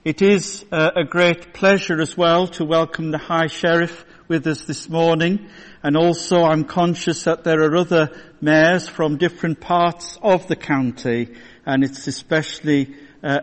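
A male pastor giving a sermon in a church, telling a story in a measured way. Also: fairly high pitch, fairly even intonation. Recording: long church reverb.

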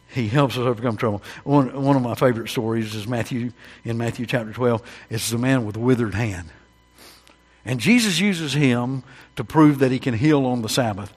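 Husky preacher in echoey hall. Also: male voice, mid-range voice. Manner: preaching with sudden loud peaks and hushed drops, calls to the congregation. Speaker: pastor. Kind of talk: sermon. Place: church during an evening service.

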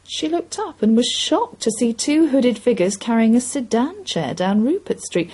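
A woman reading a short story aloud in an expressive, measured storytelling voice. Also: on the high side, husky, rough recording. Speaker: reader. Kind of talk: scripted story narration.

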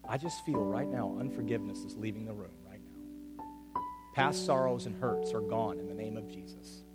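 A man preaching a sermon as pastor to a congregation, swinging between loud urgent calls and quiet, intimate asides. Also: fairly low pitch, moderate pace, over loud music. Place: church hall with an audience.

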